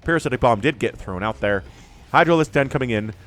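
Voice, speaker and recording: A man giving solo play-by-play commentary on a strategy game, excitable and jokey, talking straight to his viewers. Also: mid-range voice, fast. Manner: excitable, talks to viewers directly, jokey asides. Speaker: esports caster.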